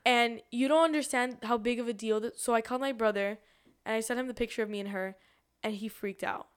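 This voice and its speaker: A woman in her twenties, co-hosting a podcast, telling stories in casual chat with an excitable, animated manner. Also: on the high side, a little fast, clean tone. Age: 20s. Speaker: podcast co-host.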